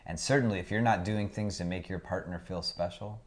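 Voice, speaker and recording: A man co-hosting a relationship podcast, talking in a measured way and affirming and building on his co-host's points. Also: sits low, steady tone. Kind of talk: casual chat.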